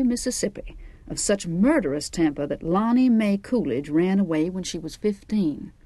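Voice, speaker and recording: A woman narrating a novel in the first person, with measured, wry storytelling. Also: on the low side, warm tone, no echo. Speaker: audiobook narrator.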